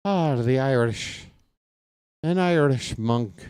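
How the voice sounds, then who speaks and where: A man's voice: mid-range voice, animated, takes it slowly, a little mellow, smooth. A man calling a baseball game live for his channel, mixing play-by-play with rambling jokes and chat with viewers. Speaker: play-by-play streamer. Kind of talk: casual baseball commentary with chat.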